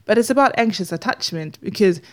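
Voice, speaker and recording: A woman's voice: medium pitch, expressive, brisk. A woman hosting her own podcast, speaking earnestly and pleading, often repeating words as she talks through a personal story. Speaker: podcast host.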